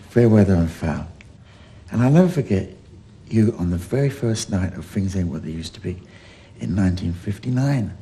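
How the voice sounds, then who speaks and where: A man's voice: fairly low pitch, warm tone, a little hiss or hum. An older man giving a heartfelt, affectionate tribute message. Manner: gravelly, affectionate. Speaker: recorded tribute guest.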